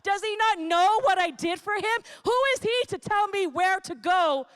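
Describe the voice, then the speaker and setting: A woman's voice: extremely high pitch, normal speed, fairly bright tone, big-room sound, voice pushed up. A woman voicing angry warrior King David. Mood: indignant. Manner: indignant, commanding. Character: angry warrior king, man, proud and vengeful.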